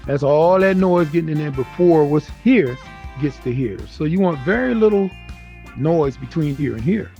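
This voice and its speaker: Gravelly man giving casual tutorial. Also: fairly high pitch, expressive, normal speed, dark tone, highs cut off, faint music behind. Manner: loose, conversational, uses food comparisons. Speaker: VR video creator teaching audio tips. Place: virtual reality space, voice through headset.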